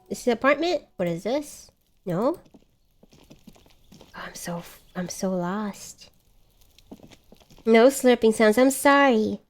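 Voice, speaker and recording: A woman streaming a video game live, chatting casually and mocking herself as she gets lost. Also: fairly high pitch. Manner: chatty, self-mocking, exclamatory. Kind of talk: casual live gameplay chat.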